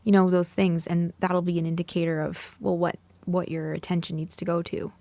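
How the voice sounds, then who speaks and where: A woman's voice: lowish voice, flat delivery, brisk, mellow, no room sound. A woman co-hosting a podcast, speaking in an encouraging, agreeable and reflective way in casual chat. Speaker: podcast co-host.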